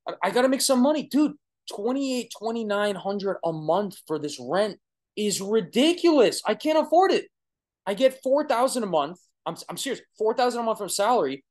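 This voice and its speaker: A young oral surgery resident with a Long Island New York accent answers viewer questions in a casual livestream from his apartment, recorded on a phone or webcam. Excitable and chatty, he often restarts and trails off, and his voice is a little high.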